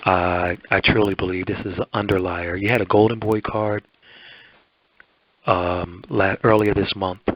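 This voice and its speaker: A hoarse man hosting a boxing interview show, talking in a halting, rambling way. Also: low-pitched, little pitch movement. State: hoarse, voice almost gone. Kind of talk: radio-style interview and commentary. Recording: dull lo-fi dry recording.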